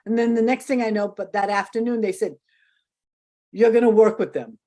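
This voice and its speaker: A woman's voice: fairly high pitch, steady tone, brisk, dark tone. An older woman, a guest in an interview, telling stories animatedly, acting out quotes and laughing often. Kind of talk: casual storytelling interview.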